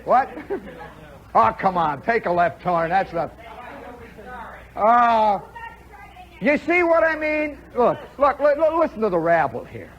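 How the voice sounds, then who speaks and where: A middle-aged radio host runs a live show, animatedly telling a story to an audience and mimicking play-by-play commentary. His voice sits high and is very animated, yet slow-paced with frequent pauses, heard through a dull 1960s radio broadcast recording.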